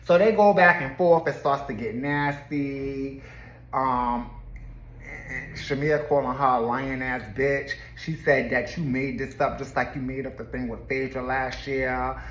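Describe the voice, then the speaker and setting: A woman's voice: extremely low pitch, fairly even intonation, measured pace, slight background noise. Woman host, casual gossip recap, chatty with frequent laughs, echoey room. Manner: chatty and laughing, often slips into quoted voices. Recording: roomy echo.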